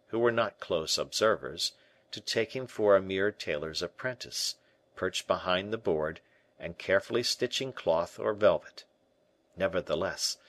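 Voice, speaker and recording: A man with a fairly low voice reads an old adventure novel aloud in measured, expressive narration. The recording is dry and close, with no room sound. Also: no echo. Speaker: audiobook narrator. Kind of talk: scripted narration.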